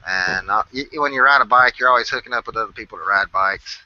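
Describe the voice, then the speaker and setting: A man's voice: medium pitch, fast, pushed and bright. A man telling a long story in casual chat, swearing freely and acting out what people said. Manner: profane, rambling, acts out quotes. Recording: dull lo-fi sound.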